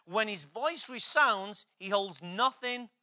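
A man's voice: high voice, animated, takes it slowly, sharp tone. A man preaching a sermon, emphatic, repeating key phrases and asking the congregation questions.

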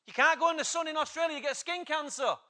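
A male pastor delivers an urgent, exhorting sermon. His voice sits high and sounds tense and forceful. He drives his points home with loud, emphatic bursts. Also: quick pace.

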